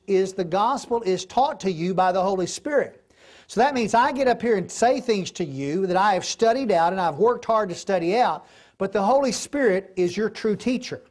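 A man's voice: high voice, a little mellow. Folksy man teaching a Bible class. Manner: folksy, conversational, asks the class questions. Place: classroom or church hall. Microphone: recorded class.

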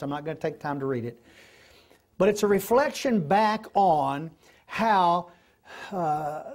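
A man's voice: sits high, a little mellow. Middle-aged guy teaching bible class, folksy and chatty, keeps asking the room questions. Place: classroom or church hall. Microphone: recorded class.

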